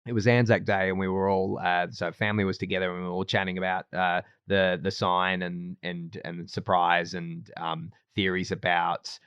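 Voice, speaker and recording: A man's voice: low voice, level tone, moderate pace, few pauses, fairly bright tone, clear, resonant tone. A man chatting on a podcast, rambling through a story with plenty of restarts and laughs. The sound is slightly dull and very dry, with no room echo. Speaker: podcast co-host. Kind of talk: casual chat.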